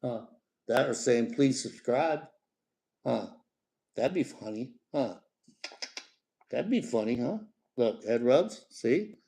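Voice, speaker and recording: A man's voice: mid-range voice, animated, slow, vocal fry, pauses often, dark tone. Chatty man, middle-aged. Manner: chatty and rambling, breaks off to coax his parrot. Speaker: parrot owner hosting a live stream. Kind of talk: casual live-stream chat.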